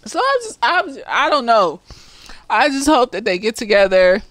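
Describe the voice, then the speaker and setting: A young woman, slightly tipsy, recapping a TV episode in animated, profane chat and laughing often. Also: fairly high pitch, normal speed, no room sound. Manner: animated, laughs often, acts out lines from the scenes. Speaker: TV episode reviewer.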